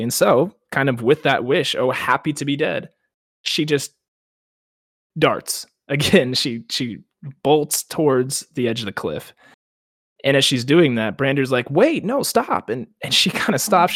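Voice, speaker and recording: A man's voice: medium pitch, normal speed, dry recording, studio quality. A young man co-hosting a book podcast, retelling the chapter with acted-out quotes and frequent laughs. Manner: animated retelling, acts out quotes, laughs often. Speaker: podcast co-host. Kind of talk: casual book discussion.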